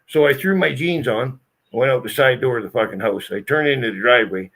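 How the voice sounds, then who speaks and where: Speaking briskly in a mid-range, fairly bright voice, this man, a channel host, shares a casual story with friends. His telling is emphatic, blunt, and full of profanity.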